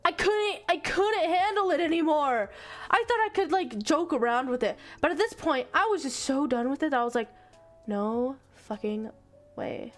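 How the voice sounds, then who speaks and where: Exasperated young woman streamer, high voice. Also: fairly quick, faint music behind. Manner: exasperated, animated retelling with lots of swearing. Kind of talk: casual stream chat.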